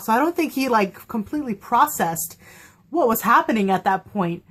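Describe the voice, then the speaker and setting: A young woman vlogger talking in a casual, chatty way. She gets excited easily, laughs often and acts out lines in little voices. Her pitch sits in a middle range for a woman. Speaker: vlogger reviewing a TV episode. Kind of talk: casual chat.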